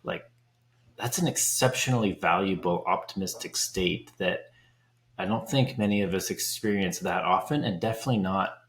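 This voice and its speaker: A man's voice: deep voice, normal speed, fairly bright tone. A man speaking as a guest on a business podcast, reflective and searching for his words in loose phrases. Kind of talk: casual podcast conversation. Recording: roomy echo.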